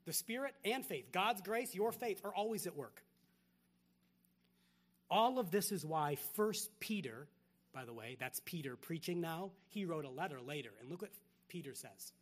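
A man with a high voice preaches with animated energy. He throws out rhetorical questions and swings from loud emphasis to near-hushed asides. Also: moderate pace. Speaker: pastor. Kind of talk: sermon.

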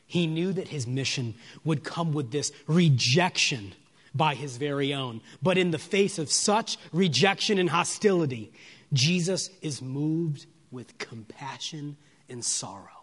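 A man preaching an expository sermon. He asks his listeners rhetorical questions and moves from soft, low lines to raised, emphatic ones. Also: lively intonation, measured pace. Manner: lingers on single words for weight.

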